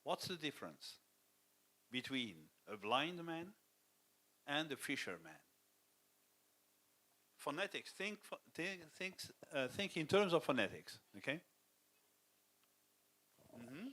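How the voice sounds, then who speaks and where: A man's voice: on the high side, very animated, slow pace, long pauses, sharp tone. A man who teaches phonetics speaks to students at a school event, restarting his sentences and checking in with "okay?" after each point.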